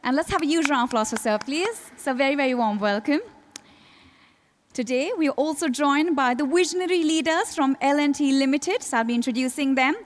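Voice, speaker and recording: High-voiced woman emceeing a ceremony. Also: brisk. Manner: polished, announcing names with rising emphasis. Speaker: event emcee. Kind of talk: formal ceremony hosting.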